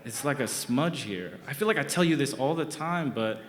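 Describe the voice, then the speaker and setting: A man's voice: mid-range voice, lively intonation, normal speed, natural voice. A man voicing his exasperated young girlfriend as she scolds him in a stern, lecturing way, during a comic story told on stage. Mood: scolding. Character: exasperated young woman scolding her boyfriend. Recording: roomy theatre reverb.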